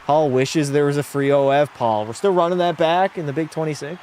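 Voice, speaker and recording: Somewhat high and steady in tone, a bit mellow, his speech runs a little fast against slight background noise. The young man casually streams a hockey game from a home room, reading chat out loud and giving blunt, opinionated commentary.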